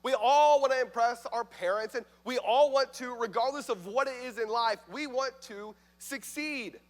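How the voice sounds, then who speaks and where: A man's voice: very high-pitched, moderate pace. A young man, preaching a casual, joking youth sermon as youth pastor, full of likes and fillers. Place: church youth service. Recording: reverberant church hall.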